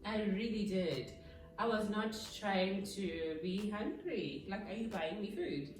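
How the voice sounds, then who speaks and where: A woman's voice: medium pitch, animated, measured pace. A woman hosting a vlog, chatting casually and teasing her husband. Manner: teasing, laughs easily. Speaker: vlog host. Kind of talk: casual chat. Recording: echoey room, distant mic, music.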